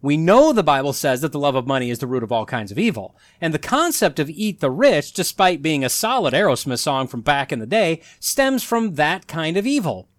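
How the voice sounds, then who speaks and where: A man's voice: on the high side, very animated, fairly quick, hardly any pauses, no room sound. A man hosting a solo commentary podcast, talking with sarcastic, mocking asides. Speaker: podcast host.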